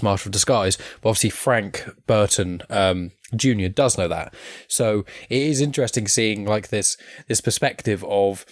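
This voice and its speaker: A man's voice: on the low side, no room sound, studio quality. A man hosting a podcast, chatting in a friendly, enthusiastic way and laughing often. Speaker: podcast host. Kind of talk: casual podcast chat.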